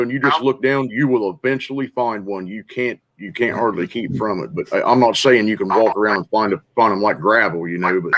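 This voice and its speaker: A man's voice: lowish voice, fairly bright tone, rough recording. A man, rambling in casual, folksy chat.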